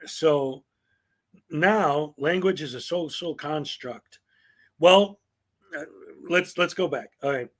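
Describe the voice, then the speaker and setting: A man's voice: on the high side, slow pace, pauses often. A man hosting a commentary show, reading viewer comments aloud in a sarcastic, mocking way. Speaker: commentary channel host.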